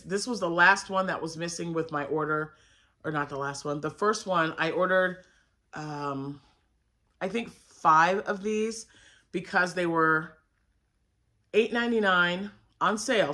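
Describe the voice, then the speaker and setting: A woman's voice: sits low, bright, forceful tone. A woman talks casually to the camera as a crochet vlogger. Her talk is rambling and friendly, full of little fillers and restarted sentences. She sounds like she is chatting at home. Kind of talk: casual chat.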